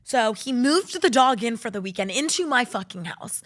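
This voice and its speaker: A woman's voice: fairly high pitch, normal speed. A young woman hosting a podcast, rambling through her week in casual chat, swearing freely and telling stories with lots of energy. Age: young adult. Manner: rambling, swears a lot, animated storytelling. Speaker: podcast host.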